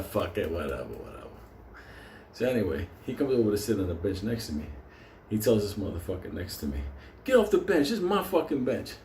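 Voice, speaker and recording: A man's voice: mid-range voice, a little mellow, slight background noise. Profane New man telling stories. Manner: profane, laughing often through the story. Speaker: stock livestream host. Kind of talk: casual storytelling. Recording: roomy echo.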